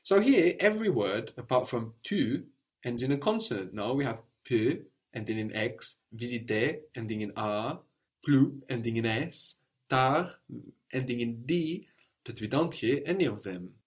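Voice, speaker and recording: A man's voice: mid-range voice, lively intonation, a little slow. A man teaching a spoken language lesson, patiently explaining sounds and prompting his learner with questions.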